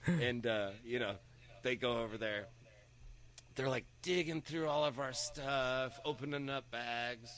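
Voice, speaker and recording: Animated man telling a story, bright voice. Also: unhurried. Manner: animated anecdote-telling, swearing, acting out quotes with raised pitch. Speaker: podcast co-host. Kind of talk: casual storytelling chat.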